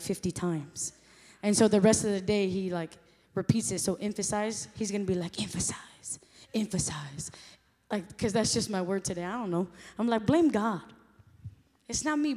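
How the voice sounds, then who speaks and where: A woman preacher delivering a sermon, impassioned at moments and chatty and self-joking at others. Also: medium pitch. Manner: impassioned, rising to loud emphatic peaks, then chatty and self-joking. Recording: long hall reverb.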